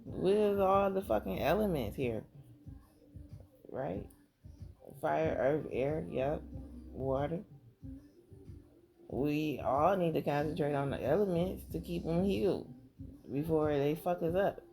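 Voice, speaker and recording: A woman's voice: sits low, slow pace, vocal fry, long pauses, warm tone. A woman tarot reader doing a casual reading, rambling, thinking aloud and swearing freely.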